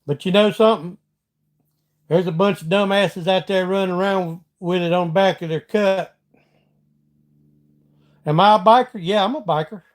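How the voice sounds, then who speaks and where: Middle-aged man, Southern accent, fairly high voice, folksy livestream chat, answering viewers. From Georgia, US. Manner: folksy, chatty, reads out and answers viewer comments. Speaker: livestream host. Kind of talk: casual live chat.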